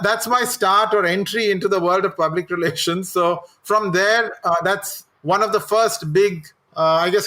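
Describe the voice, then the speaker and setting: A man's voice: high voice, bright, forceful tone. A middle-aged man, a guest telling candid, self-deprecating personal anecdotes. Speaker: guest, communications executive and coach.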